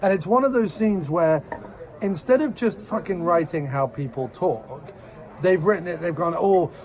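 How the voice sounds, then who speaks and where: A man with a slightly high voice rants about a film in casual podcast chat. He acts out scenes with quick voices and keeps the talk lively. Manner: animated, ranting, quotes scenes in voices. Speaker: podcast co-host.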